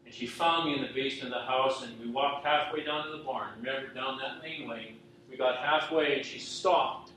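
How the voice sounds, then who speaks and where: Heard from far off in an echoey hall with faint background noise, this middle-aged western Canadian pastor shares an earnest testimony sermon. His medium-pitched, slightly bright voice moves fairly quickly with hardly a pause, and he often repeats points and asks the audience "right?"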